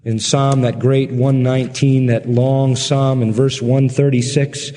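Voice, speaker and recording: A man's voice: medium pitch, level tone, measured pace, mellow. A man preaching a sermon with passion, pressing his listeners with rhetorical questions and closing in prayer. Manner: impassioned, full of rhetorical questions. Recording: long hall reverb.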